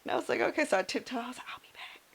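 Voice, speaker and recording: A woman's voice: fairly high pitch, racing, breathy edge. A woman, a nurse co-hosting a podcast, telling a story in casual chat and acting out the people in it. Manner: animated storyteller, acts out quoted voices.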